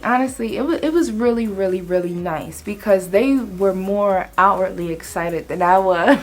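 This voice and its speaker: A woman's voice: medium pitch, moderate pace. A young woman telling a work story in a casual, chatty vlog. She acts out other people's lines as she goes.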